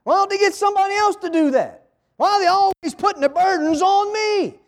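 A worn-out male donkey grumbles in a high, whiny voice about always being the one who has to work, as a preacher acts him out. His complaints come in a plaintive sing-song. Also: a little fast. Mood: complaining. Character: weary male donkey, put-upon and complaining.

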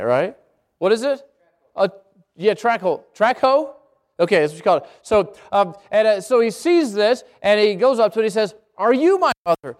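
A middle-aged pastor retelling a children's story in a casual, chatty sermon with asides to the congregation. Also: male voice, high-pitched, clear, resonant tone.

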